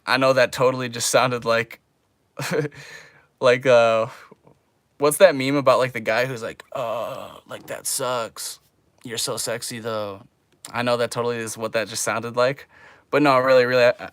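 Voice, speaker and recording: A man's voice: medium pitch, fairly even intonation, moderate pace, a bit bright, clear, resonant tone, no room sound. A young man chatting casually on a livestream, laid-back and drawling, calling people man and bro.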